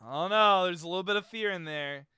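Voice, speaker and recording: A man's voice: sits high, fast talker, pushed and bright, clear, resonant tone, no room sound, clean studio sound. A man streaming live, casually reacting and joking, rambling and self-mocking.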